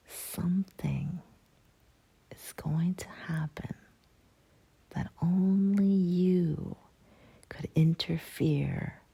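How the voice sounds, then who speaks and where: A woman voicing a mysterious long-legged owl creature in a whispered role-play, speaking slowly and solemnly. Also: fairly low pitch, creaky, dark tone, breathy edge, exaggerated voice. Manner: slow, solemn, cryptic.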